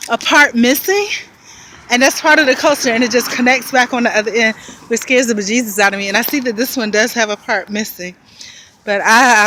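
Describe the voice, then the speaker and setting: A woman's voice: fairly high pitch, fairly bright tone. A woman vlogging while walking outdoors, out of breath, rambling and thinking aloud with frequent small laughs. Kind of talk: casual walking vlog. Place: outdoors on a city street with traffic. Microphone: handheld camera while walking. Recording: street noise and passing traffic. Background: traffic and street ambience.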